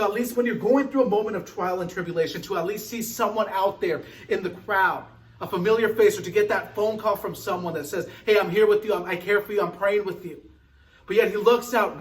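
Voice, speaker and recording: A male pastor giving an earnest devotional sermon, quoting scripture slowly and often asking "right?". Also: sits high, fairly bright tone, distant mic, rough recording.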